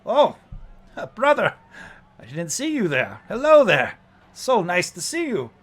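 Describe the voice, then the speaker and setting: A man voicing a polite, genteel male warforged coachman in a high, cheerful, courtly voice. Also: huge pitch swings, unhurried, fairly bright tone, exaggerated voice.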